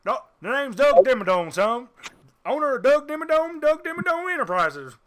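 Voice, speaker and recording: A man's voice: extremely high pitch, very animated, moderate pace, crowd noise, voice pushed up. A man voicing a boisterous male Texan gambler in a cowboy hat who hollers and calls people son. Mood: boastful.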